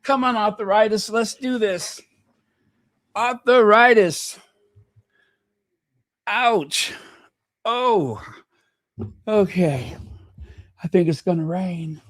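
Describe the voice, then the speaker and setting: A man's voice: sits high, takes it slowly, long pauses, no room sound. A man hosting his own channel in casual live commentary, chatty and thinking aloud as he reads viewer comments. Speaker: channel host.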